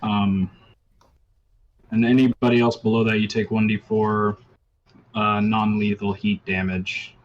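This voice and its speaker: A man running a tabletop role-playing game as game master, talking in a relaxed way with many ums and uhs. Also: on the low side, measured pace, pauses often, lo-fi sound, slight background noise.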